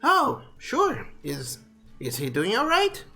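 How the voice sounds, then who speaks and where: A small goblin cook with a high, lilting voice, as a man puts her on. She speaks softly and hesitantly, gentle in manner, with faint music playing behind her in this tabletop game. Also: wildly swooping pitch, slow pace, gravelly, heavily acted. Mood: friendly.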